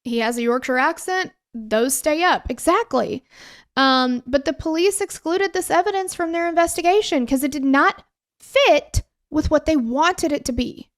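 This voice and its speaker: High-voiced animated woman podcaster. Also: moderate pace. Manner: animated, exasperated asides, frequent fillers. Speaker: true crime podcast co-host. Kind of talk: casual conversational storytelling.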